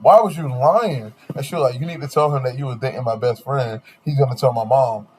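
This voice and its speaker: A young man hosting a podcast, telling a long dating story in slangy, animated casual chat with quoted voices. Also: mid-range voice, fast talker, a little hiss or hum. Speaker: podcast host.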